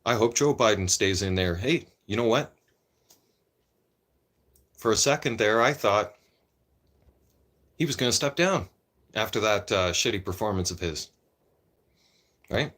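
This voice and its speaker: A man's voice: fairly low pitch, lively intonation, measured pace, pauses often, a bit bright. Rambling man ranting. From Canada. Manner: rambling, opinionated, repeats himself, frequent "right?". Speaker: vlogger. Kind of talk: casual political rant.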